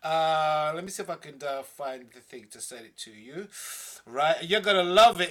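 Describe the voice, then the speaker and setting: A man's voice: high voice, fairly quick, sharp tone. A man hosting a live kids' show, chatting casually with listeners in a playful, teasing, mock-indignant way.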